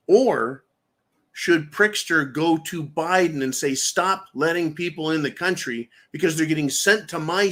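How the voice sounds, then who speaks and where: A man's voice: sits high, a bit bright. A man hosting a live political show, talking in a somewhat raised voice. He rants, mocks and throws crude insults while speaking straight to his viewers. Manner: ranting, mocking, crude insults. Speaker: livestream host. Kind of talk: political commentary livestream.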